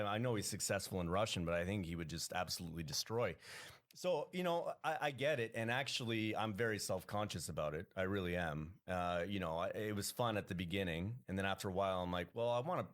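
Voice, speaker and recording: A Canadian man, a comedian, talking casually as a podcast guest, rambling with many restarts. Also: deep voice.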